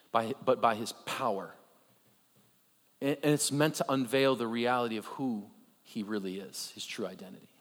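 A man preaching a conversational sermon, animated, with joking asides and rhetorical questions. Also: mid-range voice. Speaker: pastor. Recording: long reverb of a large hall.

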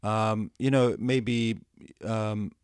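A man co-hosting a podcast, talking in a reflective, measured way. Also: fairly low pitch, steady tone, clean tone, dry recording. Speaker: podcast co-host. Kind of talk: casual discussion.

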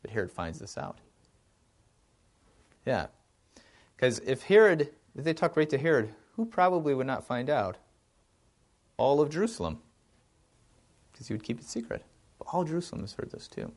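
A man leading an informal film discussion, animated and thinking aloud with frequent restarts. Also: medium pitch, moderate pace, long pauses.

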